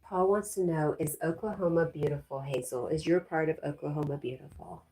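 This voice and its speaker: Livestream host, woman from Connecticut, lowish and warm, slightly breathy, chatty and easy. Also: steady tone, brisk. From Connecticut, USA. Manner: reads viewer comments aloud, chatty, laughs often. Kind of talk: casual livestream chat.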